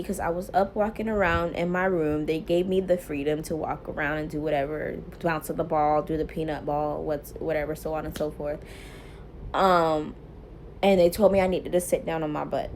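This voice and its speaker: A young woman vlogger telling a personal story casually to camera, animated and laughing often, quoting herself loudly. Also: sits low, normal speed, slight background noise. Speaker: mom vlogger.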